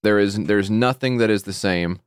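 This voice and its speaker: A man co-hosting a podcast, chatting casually and profanely and jumping into high mock voices. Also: moderate pace, clear, resonant tone, no room sound, studio quality. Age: adult with a wife and kid. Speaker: podcast co-host. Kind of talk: casual comedic chat.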